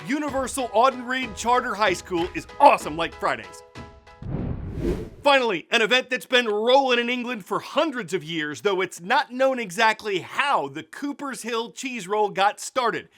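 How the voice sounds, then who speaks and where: Bright high-voiced male news host. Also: animated, moderate pace, soft background music. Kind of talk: scripted news narration.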